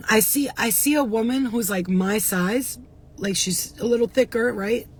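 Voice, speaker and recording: A woman vlogging casually about spirituality, chatty and repetitive, swearing now and then, with a voice roughened by coughing. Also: a little high, unhurried, a bit bright, a little hiss or hum. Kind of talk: casual spiritual talk to viewers.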